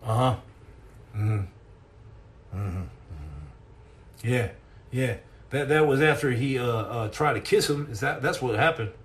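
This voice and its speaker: A middle-aged man in a loose live chat, spinning rambling, jokey stories in a middle-pitched voice. He stumbles and restarts often as he answers his viewers. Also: unhurried, pauses often. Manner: rambling, jokey storyteller with many repeated restarts. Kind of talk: casual livestream chat.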